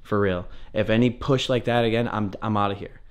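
A young man on a ghost-hunting vlog, talking excitedly and swearing as he repeats himself. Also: on the low side, a little fast, roomy sound. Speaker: paranormal investigator.

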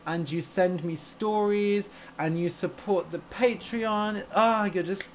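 A man's voice: sits high, slow, a little hiss or hum. A young man who teaches English and hosts a podcast. He chats casually with learners on a live stream, gushing and playful, and laughs easily.

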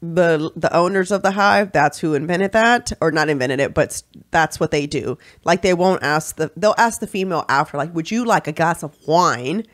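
A woman co-hosting a podcast, telling stories in a lively way and acting out the people she quotes. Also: deep voice, normal speed, few pauses. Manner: animated storyteller, acts out quoted voices. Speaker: podcast co-host and shop owner. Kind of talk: casual chat.

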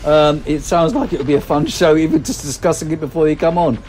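A man's voice: fairly high pitch, fast talker, darkish tone, slight background noise, low-quality recording. A man co-hosting a podcast in casual chat, rambling and self-deprecating, with lots of fillers and restarts. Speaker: podcast co-host.

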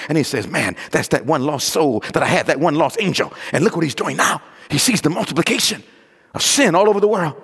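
High-voiced male preacher in a reverberant church. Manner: preaches with call-and-response questions to the congregation; swings from loud exclamations to hushed low asides. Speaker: pastor. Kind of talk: evangelistic sermon. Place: church sanctuary. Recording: long church-hall reverb.

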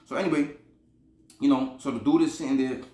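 A man's voice: medium pitch, a little fast, dark tone, reverberant. A man from Buffalo, New York, casually telling a rambling, slangy prison story, repeating himself and laughing as he goes. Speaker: podcast storyteller.

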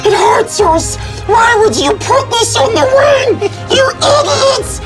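A man doing a comic impression of a bitter, whining little male creature, spitting insults in sobbing shouts. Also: very high voice, lively intonation, takes it slowly, over loud music, voice pushed up, heavily acted.

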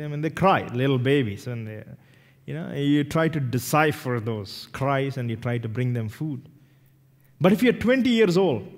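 Male pastor, lively sermon delivery with acted quotes; higher voice, long reverb of a church hall. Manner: animated preaching with acted-out quotes. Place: church sanctuary.

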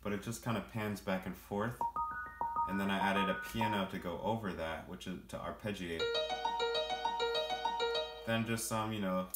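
A man with a low voice, speaking at a normal speed with frequent pauses, casually walks through how he produced his song. He rambles in a relaxed way, full of fillers, and his family roots are in Jamaica and Brazil. The sound is reverberant and sits under loud music.

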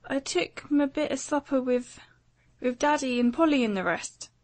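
A woman's voice: high-pitched, moderate pace, natural voice. A woman playing a nervous, deferential young maid. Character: timid young maid, flustered.

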